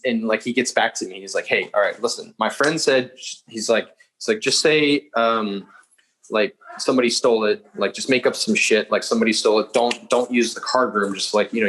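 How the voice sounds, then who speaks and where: A man's voice: mid-range voice, a bit bright, a little hiss or hum, low-quality recording. A young man telling a story as a podcast guest, rambling casually with lots of fillers and swearing. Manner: swears freely, fast rambling with many fillers.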